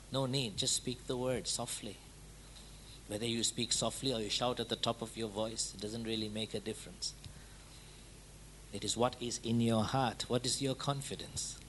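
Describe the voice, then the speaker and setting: A man's voice: mid-range voice, a bit bright, slight background noise. Conversational male preacher asking rhetorical questions. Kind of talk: sermon.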